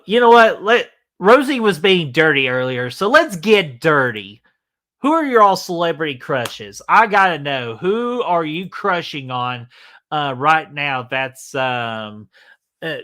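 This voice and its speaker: A man's voice: a little high, big pitch swings, a little slow, pushed and bright. A man hosting a live stream, chatting casually and joking as he reads out comments, with frequent swearing and fillers. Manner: loose, joking, swears freely, many fillers. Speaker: livestream host.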